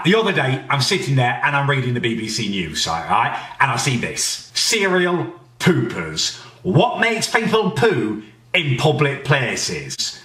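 A man's voice: on the high side, far from the mic. Indignant British man ranting. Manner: exasperated, swearing, shouting in indignation. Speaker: comedy ranter. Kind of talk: comedic rant. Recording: roomy, a bit off mic.

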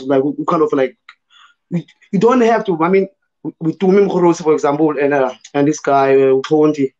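A man from South Africa with a hoarse voice, talking loosely about his writing as a guest in an online panel, full of fillers like "you know" and "man". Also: fairly high pitch, a little mellow, lo-fi sound. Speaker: guest poet. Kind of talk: casual conversation in a virtual panel.

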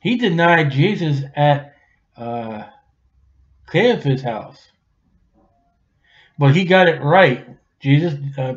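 A man preaching an expository sermon in a lively, colloquial way, swinging between loud and hushed. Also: on the high side, normal speed. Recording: dull lo-fi recording.

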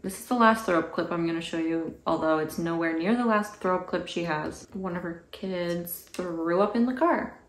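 A woman with a low, gravelly voice delivers sarcastic, indignant commentary on video clips. She sounds recorded in an echoey room with a faint hum underneath. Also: normal speed. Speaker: commentary YouTuber. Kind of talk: reaction commentary.

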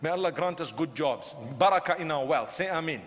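A male preacher from southern Africa giving a humorous, animated lecture to a live audience and often questioning the crowd. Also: on the high side, a little fast. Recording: long hall reverb.

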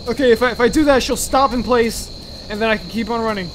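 A man's voice: very high voice, lively intonation, fast talker, background noise. Jumpy young man playing a horror game. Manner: jumpy, swears and screams when startled. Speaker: gaming channel host.

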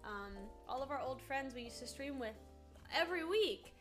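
A woman's voice: high voice, lively intonation, moderate pace, faint music behind. A woman who voices characters, hosting a live autograph stream in bubbly, gushing casual chat.

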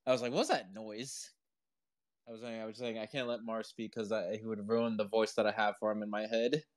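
A man with a lowish, level voice talks at a quick pace on a live audio stream, picked up by a headphone's built-in mic. He rambles casually, laughing often and dropping plenty of "like" and "uh."

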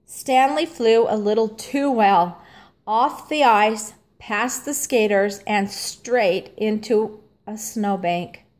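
A woman reading a children's storybook aloud in a gentle, clearly paced narration. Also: mid-range voice, slow pace. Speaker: storybook reader.

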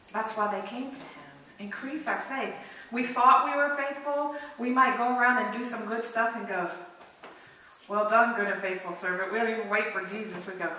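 A woman pastor gives a conversational sermon, questioning her listeners and acting out the voices she quotes. Her voice is bright and forward, caught from a distance in a very echoey church sanctuary. A faint hiss sits beneath it. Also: mid-range voice, moderate pace. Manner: conversational, asks the congregation questions; acts out quoted voices with lively shifts.

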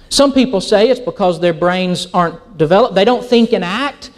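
Pastor guy preaching a sermon, lively up and down voice, acts out little bits of dialogue. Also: sits high, normal speed, few pauses. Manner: animated storytelling, acts out quoted dialogue.

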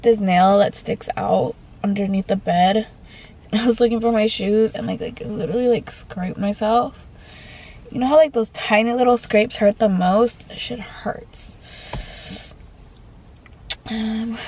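A woman's voice: medium pitch, creaky, darkish tone, low-quality recording. A young woman vlogging in casual chat, rambling with lots of "like," and out of breath as she talks into a handheld phone camera. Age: young adult.

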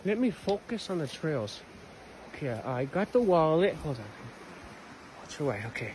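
A man filming himself on a phone as he wanders forest trails, chatting away to his viewers. His voice sits a little high for a man, and he swears loosely and thinks out loud. A faint outdoor hiss runs under the talk. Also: big pitch swings, moderate pace. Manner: chatty, swears a lot, talks to viewers as "you guys". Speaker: vlogger. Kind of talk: rambling outdoor vlog.

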